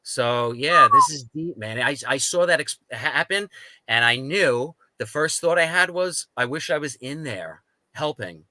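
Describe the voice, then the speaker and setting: Bright-voiced New man telling stories. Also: on the high side, a little slow, a little hiss or hum, rough recording. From United States. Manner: animated, acts out quoted dialogue. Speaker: guest. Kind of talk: casual storytelling.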